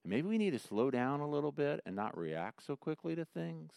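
A middle-aged male pastor preaching a sermon and reading scripture, swinging between hushed repetition and loud, emphatic points. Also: on the high side, very animated, a little fast, gravelly, clean tone, no echo, clean studio sound. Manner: repeats phrases for emphasis.

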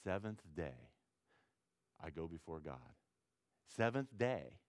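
Pastor guy preaching, really lively pitch, acts out prayers, loud then soft, dry close sound. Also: slow, pauses often, no room sound. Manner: animated preaching, acts out prayers and dialogue, swings between loud and hushed. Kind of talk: sermon. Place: church sanctuary with congregation.

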